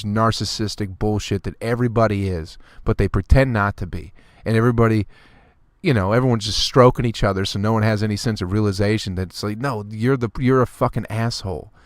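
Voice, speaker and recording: On tour and recording alone, a man hosts a solo comedy podcast in a lowish voice, with a dry, studio-quality sound. He rants with constant profanity and exasperation, now and then mimicking people in a snooty, clipped voice.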